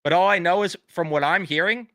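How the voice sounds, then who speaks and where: A man's voice: sits high, a little fast, sharp tone, no room sound. A young man live streaming as a fan, ranting casually with blunt swearing and sarcastic mock apologies.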